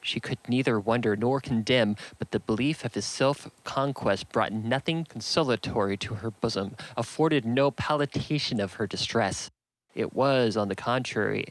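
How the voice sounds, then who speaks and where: A man reading a classic novel aloud in a steady, measured narration. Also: mid-range voice, no room sound, poor audio. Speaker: audiobook reader.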